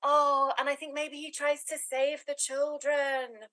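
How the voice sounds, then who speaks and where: High-voiced woman improvising, dry sound. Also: level tone, a little slow, fairly bright tone, no echo, rough recording. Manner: chatty, tossing off silly asides. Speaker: improv performer. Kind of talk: improvised comic monologue.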